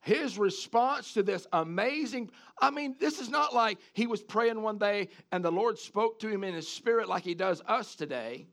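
High, gravelly male preacher. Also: normal speed, few pauses. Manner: animated, repeats words, asks the congregation questions. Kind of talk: sermon.

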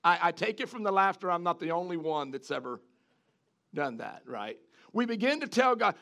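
Male preacher, high-pitched with a gravelly edge, animated sermon delivery that asks the congregation questions. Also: normal speed.

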